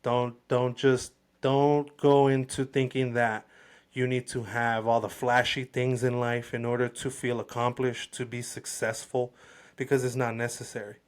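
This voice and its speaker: Brief: male co-host, mid-pitched, sincere and thoughtful, halting phrasing. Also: flat delivery, clear, resonant tone. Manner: earnest, reflective, repeats himself. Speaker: podcast co-host. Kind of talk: casual podcast chat.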